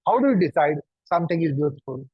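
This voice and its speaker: A man's voice: fairly high pitch, expressive, fast, slightly rough, no room sound. A man teaching a yoga class, guiding students through poses and pressing them with repeated, probing questions. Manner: repetitive, probing rhetorical questions. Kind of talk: instructing a class. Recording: dull lo-fi recording.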